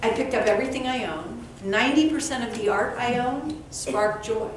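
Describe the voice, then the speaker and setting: Give me a lively woman storyteller heard from a distance, faint noise behind her. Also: fairly high pitch, normal speed. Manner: animated, humorous, acts out dialogue. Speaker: author and speaker, interview guest. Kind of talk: storytelling at a live author event. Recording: echoey room, distant mic, faint background noise.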